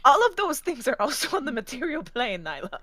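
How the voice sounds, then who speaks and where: A woman's voice: high voice, big pitch swings, fairly quick, crowd noise. A woman playing a tabletop game, wry and joking. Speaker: player. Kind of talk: casual tabletop play.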